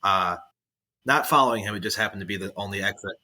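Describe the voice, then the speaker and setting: A man's voice: fairly low pitch, fast talker, bright, forceful tone. A man talking as a comedian guest in casual chat, rambling with many fillers.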